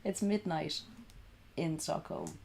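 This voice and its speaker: A woman's voice: deep voice, takes it slowly, gravelly, a little mellow, a little hiss or hum. A woman streaming from home at night while sick and coughing, rambling in sweary, sarcastic casual chat. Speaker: livestreamer.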